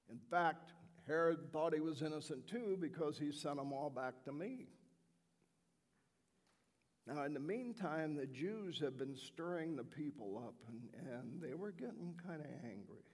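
An actor playing a remorseful Roman governor who justifies himself in a dramatic first-person monologue, his delivery earnest, swinging from shouts to hushed tones. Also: fairly high pitch, expressive, measured pace, long pauses, big-room sound. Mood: defensive.

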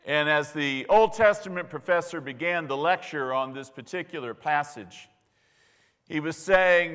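Male pastor, slow emphatic sermon delivery, fairly high voice, long church reverb. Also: fairly bright tone, smooth. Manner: slow, emphatic preaching with dramatic pauses. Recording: long reverb of a large hall.

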